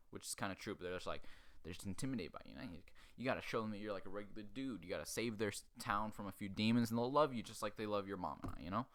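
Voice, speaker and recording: A man with a fairly low voice rattles through a movie plot with crude, sarcastic commentary. He drops into short character voices as he retells each scene, like a comedy host riffing on a film. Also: fairly bright tone. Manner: crude, sarcastic, acts out characters in quick asides. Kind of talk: profane comedic movie recap.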